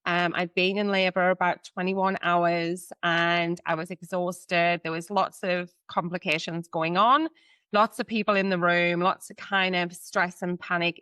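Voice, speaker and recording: A woman's voice: lowish voice, pushed and bright, clean tone, no room sound, clean studio sound. A woman in her thirties, a podcast guest, telling a personal story in a candid, chatty way with lots of fillers. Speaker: guest, psychic medium and mentor.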